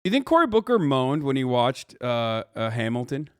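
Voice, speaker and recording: A man in his thirties hosting a live reaction stream, tossing out sarcastic, mocking remarks with plenty of swearing. His voice is smooth and clean at a middling pitch. The sound is dry and close, with no room to it. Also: sing-song, normal speed, no room sound. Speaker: livestream host. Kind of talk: casual reaction commentary.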